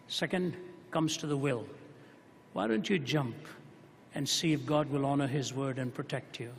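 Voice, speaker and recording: A man preaching a sermon to a hall audience, telling stories with dramatic rises and hushed drops. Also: on the high side, moderate pace, slightly rough. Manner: dramatic storytelling, voice rising and dropping to a hush. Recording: long hall reverb.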